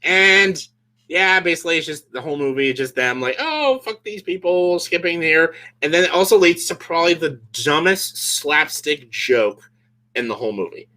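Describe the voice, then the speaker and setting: A man rants sarcastically about a movie, his voice bright and a little high. His pitch swings all over as he talks, studded with "like" and laughs. It is a casual comedic vlog delivery. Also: animated, moderate pace. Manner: sarcastic, fills speech with "like", laughs often. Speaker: movie reviewer vlogger.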